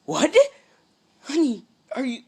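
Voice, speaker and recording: Doting mom, man's put-on voice, high, breathy, fussing. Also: big pitch swings, normal speed, exaggerated voice. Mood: alarmed. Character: worried, doting mother of a teenage boy.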